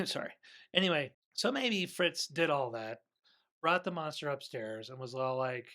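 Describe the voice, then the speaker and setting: A man talks through a classic film in a loose, rambling way, often stopping to correct himself. His voice sits a bit high and sounds bright, with a gravelly fry. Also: normal speed. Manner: rambling, animated, self-correcting. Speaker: movie reviewer. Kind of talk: casual movie commentary.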